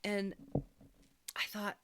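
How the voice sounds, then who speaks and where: A woman sharing a personal healing testimony, speaking in an earnest, searching, soft-spoken way. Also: drawn-out words, no room sound.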